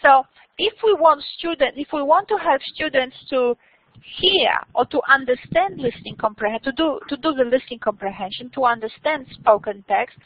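A woman university lecturer talking to her students in an informal, animated way, with many restarts and questions put to the class. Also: sits high, moderate pace, muffled recording.

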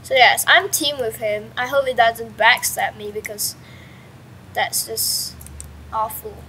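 High, bright-voiced excitable young woman gamer. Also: slow pace, slight background noise, poor audio. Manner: chatty and excitable, with sudden yelps and mild swearing. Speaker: gamer commentating her own play. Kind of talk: casual let's-play commentary. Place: at home with a pet dog nearby.

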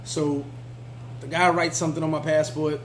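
Male travel vlogger, casual storyteller, slightly high voice, faint hum behind. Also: level tone, moderate pace, low-quality recording. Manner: laid-back, chatty, frequent fillers and restarts.

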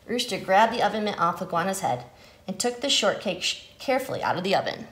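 Animated woman reading a children's story. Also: mid-range voice, a little fast, reverberant, a little hiss or hum. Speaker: nutrition educator. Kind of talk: reading a picture book aloud to children.

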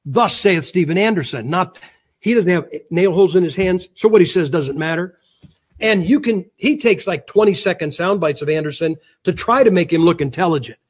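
A man speaking as a guest on a religious talk show, combative and mocking, with a husky voice. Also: sits high, brisk. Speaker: guest preacher.

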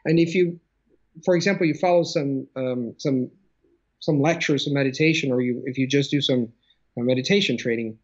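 A man's voice: mid-range voice, moderate pace, husky, muffled recording. A man who works as a language coach, speaking in an interview over a video call and explaining his ideas with many examples and restarts. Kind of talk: conversational interview.

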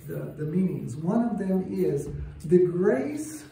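A man preaching a sermon in a church, slow and emphatic, building to fervent peaks. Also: high-pitched, very animated, vocal fry, mellow, a little hiss or hum. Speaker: church speaker. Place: church sanctuary. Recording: echoey church room heard from a distance.

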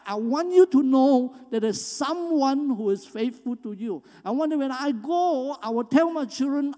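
A man's voice: very high voice, lively intonation, normal speed, few pauses, warm tone. A man preaching a sermon as pastor, earnest and emphatic. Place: church sanctuary. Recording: long hall reverb.

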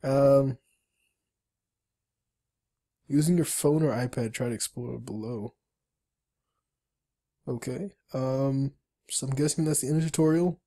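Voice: mid-range voice, a little slow, pauses often, mellow. A player walking through a game tutorial, reading the on-screen story aloud with chatty asides. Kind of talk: let's-play narration, reading game text aloud.

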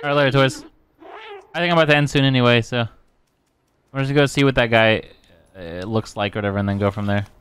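A man's voice: mid-range voice, fast, a bit bright, smooth. Joking young man streaming a game. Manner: joking, profane, reads on-screen dialogue aloud. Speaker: streamer playing a video game. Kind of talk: casual gameplay commentary.

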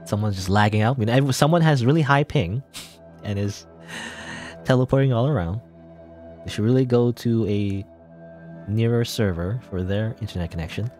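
A man narrating his gameplay in a rambling, chatty way, thinking out loud and chuckling as he goes. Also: on the low side, normal speed, pauses often. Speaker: let's play gamer. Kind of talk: casual gameplay commentary. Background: game music.

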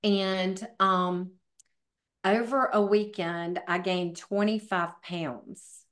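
A woman's voice: medium pitch, fairly even intonation, extremely slow, a bit bright. A middle-aged woman, a fitness professional and podcast guest, telling her story in a chatty way with many fillers. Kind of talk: casual interview storytelling.

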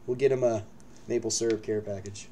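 A man's voice: fairly low pitch, fairly even intonation, a little fast, warm tone, a little hiss or hum. A man hosting a live card-break stream from his break room, hyping the pulls and bantering with viewers. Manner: hyped, joking banter with viewers.

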